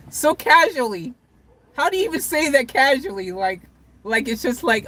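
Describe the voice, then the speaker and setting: A woman's voice: high voice, very animated, normal speed, fairly bright tone. A young woman vlogging casually from inside a van, giddy and laughing in disbelief as she rehearses what to say. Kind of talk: excited casual vlog chat.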